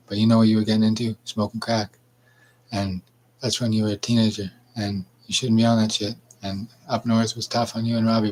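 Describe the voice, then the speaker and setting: Low flat rambling man, faint hum. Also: poor audio. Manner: rambling, confrontational, profane, addresses absent people. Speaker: vlogger. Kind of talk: rambling monologue. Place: outdoors.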